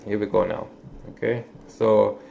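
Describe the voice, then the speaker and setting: A man's voice: on the low side, fairly even intonation, normal speed, vocal fry, slight background noise. A man in his twenties talking casually to camera in a rambling vlog, with lots of fillers, restarts and swearing. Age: 20s. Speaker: vlogger.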